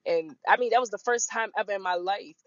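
A woman hosting a podcast, telling a personal story in a frank, animated way and acting out the people in it. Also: mid-range voice, quick pace, dry recording. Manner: animated, acts out quoted voices, frank. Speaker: podcast host. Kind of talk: casual storytelling chat. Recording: muffled lo-fi recording.

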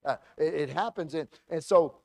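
A man pastor telling a story in a sermon, animated and full of restarts and acted-out quotes. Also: fairly high pitch, normal speed, gravelly, no room sound, studio quality.

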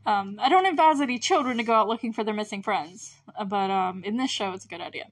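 A woman's voice: mid-range voice, fast. A woman hosting a podcast, recapping an episode in a rambling way with lots of fillers and laughs. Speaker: podcast host.

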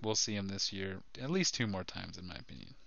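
A man co-hosting a casual sports podcast, excitable and quick to laugh, often restarting his sentences. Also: low voice, vocal fry, no room sound, lo-fi sound. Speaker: podcast co-host.

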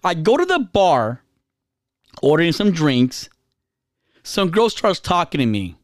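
A man's voice: unhurried, dry recording, clean studio sound. A man hosting a podcast, chatting casually and telling a story with lots of swearing, acting out the quotes. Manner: animated storytelling, acts out quotes with big pitch jumps. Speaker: podcast host.

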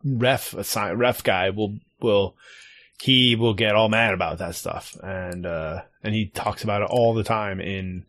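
A middle-aged man speaking in a fairly low voice, recorded dry and close with almost no room sound. He chats casually about coaching, stumbling over restarts and trailing off. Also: steady tone, a bit bright, no room sound. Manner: chatty, halting, many restarts and laughs. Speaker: assistant youth soccer coach. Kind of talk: casual chat.

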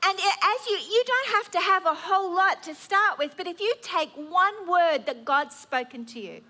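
Woman, fifties, preacher, high-pitched, bright tone, earnest animated sermon. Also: moderate pace. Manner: earnest and animated, acts out prayers and worries aloud.

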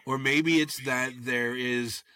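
A man co-hosting a podcast, talking loudly and teasing his co-host in casual chat. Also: medium pitch, slow pace, no room sound. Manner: loud, animated, teasing.

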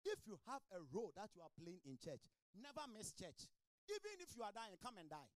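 A man's voice: sits high, very animated, a little fast, dry recording. A man pastor preaching a fervent sermon in a small church, calling out to members of his congregation by name.

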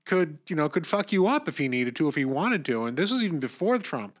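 A middle-aged man hosting an interview, telling a personal story in a lively, animated way. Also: fairly quick. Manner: animated storyteller, rises in pitch when worked up. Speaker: interviewer host.

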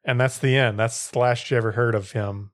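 A man's voice: medium pitch, steady tone, a little fast. A man casually telling a story on a podcast, padding his sentences with "like" and "or whatever". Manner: rambling storytelling, full of "like" and "or whatever". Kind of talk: casual chat.

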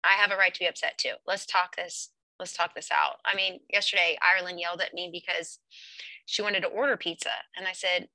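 Woman, mother, bright sharp tone, dry close sound, candid and laughing in casual chat. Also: lowish voice, fairly even intonation, dry recording, poor audio. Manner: candid, laughs often, quick to vent. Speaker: mother of daughters.

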